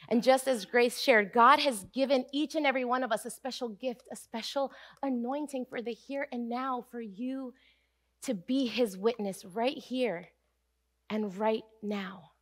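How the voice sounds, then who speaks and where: Woman pastor preaching, kinda high voice, earnest and emphatic, drags out the big lines. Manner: earnest, emphatic, slowing down to stress key phrases. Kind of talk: sermon. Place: church sanctuary.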